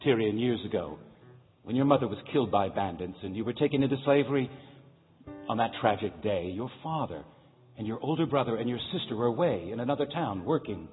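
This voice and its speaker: A man's voice: medium pitch, fairly quick, natural voice. A man voicing an eager male guide who coaxes and encourages a runaway orphan in a story reading. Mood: earnest. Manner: earnest, coaxing, excited. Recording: tinny, echoey hall, faint music.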